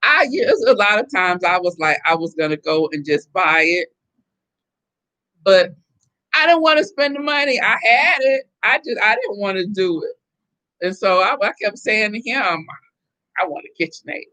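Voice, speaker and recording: A middle-aged woman from the Southern United States hosts a relaxed live stream. Her voice is bright and forceful as she chats away in an animated, talkative manner. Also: medium pitch, normal speed. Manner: chatty and animated, laughing often. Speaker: host reading viewer comments. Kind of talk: casual live-stream chat.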